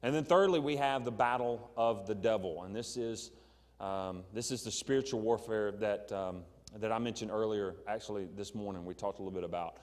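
Middle-aged Southern man, pastor, relaxed teaching sermon, quizzes the room, echoing church hall. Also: on the low side, brisk. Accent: Southern American. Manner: conversational, asks the congregation questions, frequent ums. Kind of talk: evening Bible teaching sermon. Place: church sanctuary.

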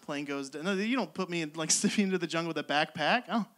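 Stand-up guy, young, high and bright tone, exasperated self-deprecating bits, stage mic in a club. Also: fast. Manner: exasperated, self-mocking storytelling with frequent laughs. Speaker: stand-up comedian. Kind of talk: stand-up comedy set. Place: comedy club stage with live audience.

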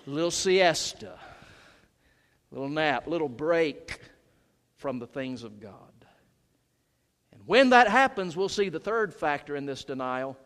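A male senior pastor preaching a sermon during a worship service. He delivers it emphatically, swinging from loud shouts to hushed low lines. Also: expressive, measured pace, pauses often. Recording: reverberant church sanctuary.

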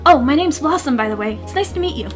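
A woman voicing a shy, gentle young woman gardener who speaks softly. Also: high-pitched, animated, fast talker, faint music behind.

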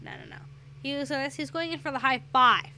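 A woman's voice: high voice, fairly quick, sharp tone, a little hiss or hum. A young adult woman streamer chatting casually while gaming, rambling through a story and getting sidetracked by the game.

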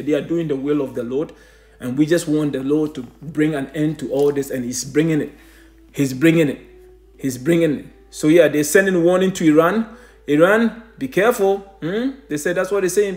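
A man's voice: a little high, roomy sound. A man preaching to his listeners as family, reading news aloud and asking rhetorical questions, with emphatic rising exclamations. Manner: emphatic, rises to loud exclamations. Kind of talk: online sermon reading news.

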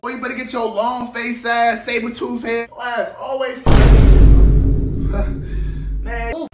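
High-voiced man trading loud insults. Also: flat delivery, moderate pace, music in the background. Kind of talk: comedy sketch clip.

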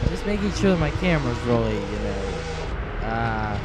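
A man's voice: medium pitch, big pitch swings, a little slow, very noisy. A man ranting indignantly to his own webcam at home, scornful and calling things stupid again and again. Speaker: channel host. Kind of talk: webcam rant. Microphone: small webcam.

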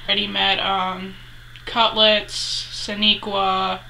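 A woman's voice: medium pitch, level tone, takes it slowly, creaky, background noise. A young adult woman chatting casually as a vlogger, retelling a story with lots of 'like' fillers.

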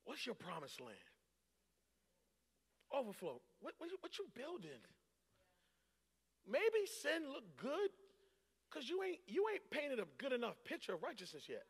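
High-voiced, gravelly preacher man. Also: wildly swooping pitch, measured pace, pauses often. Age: 40s. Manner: storytelling, rising to shouts and laughter. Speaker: pastor. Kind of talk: sermon. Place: large church hall. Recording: long hall reverb.

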